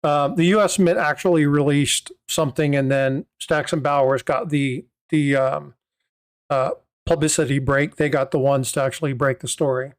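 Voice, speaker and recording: A man's voice: a little high, fairly even intonation, normal speed. A man hosting a livestream, explaining things in casual chat with lots of filler sounds and restarts. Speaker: host of a coin livestream.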